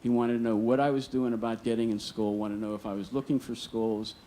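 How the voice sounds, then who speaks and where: A man's voice: medium pitch, fairly even intonation, fast, warm tone. A man telling a personal story live on stage, earnest and vivid, acting out the dialogue. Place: stage at a museum storytelling event.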